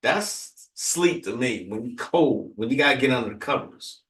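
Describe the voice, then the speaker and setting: A man's voice: medium pitch, lively intonation, normal speed, fairly bright tone. Laid-back Texan man in a roomy space. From Texas. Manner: laid-back, rambling with many fillers and asides. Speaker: livestream host. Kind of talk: casual livestream chat. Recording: roomy, distant from the mic.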